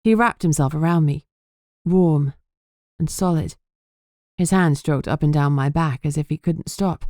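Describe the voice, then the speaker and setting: A woman narrating a first-person audiobook in an earnest, steady manner. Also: low-pitched, unhurried, long pauses, no room sound, clean studio sound.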